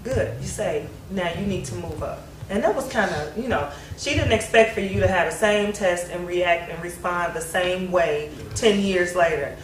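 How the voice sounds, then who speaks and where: A woman's voice: on the low side, moderate pace, few pauses. A woman talking candidly about her late mother, reflective, with laughs between her thoughts. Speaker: grieving daughter sharing memories. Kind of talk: candid family conversation. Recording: roomy, distant mic, faint hiss.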